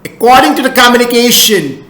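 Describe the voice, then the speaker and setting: A man's voice: extremely high pitch, animated, brisk, pushed and bright, reverberant, low-quality recording. A man giving an earnest, repetitive explanatory lecture on economic news and addressing viewers as friends. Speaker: economics educator.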